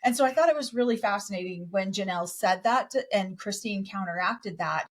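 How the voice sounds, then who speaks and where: A woman co-hosting a podcast, chatting casually and telling lively stories, acting out what other people said. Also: medium pitch, fairly quick. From raised in a polygamous community in the United States. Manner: animated storytelling, acts out quotes. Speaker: podcast co-host. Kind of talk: casual chat.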